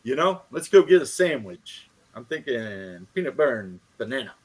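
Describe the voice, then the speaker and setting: A man's voice: medium pitch, sing-song, moderate pace, husky. A man voicing a magic sword that talks in a laid-back, drawling impression of a famous singer.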